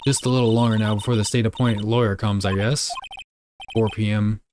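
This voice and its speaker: A man's voice: on the low side, fairly even intonation, fairly quick, noisy background. A young man streaming a game live, reading the dialogue aloud and cracking crude jokes. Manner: joking, crude asides.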